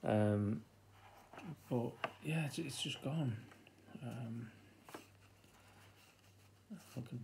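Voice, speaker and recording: Slow, gravelly British man unboxing. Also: medium pitch, slight background noise. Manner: chatty and easily excited, laughing to himself. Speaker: board game unboxing host. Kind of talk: casual unboxing commentary.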